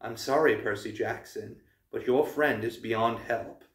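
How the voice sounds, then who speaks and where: A man voicing a stern, calm young goddess, with measured, commanding speech. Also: medium pitch, close to an everyday voice. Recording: roomy, distant mic.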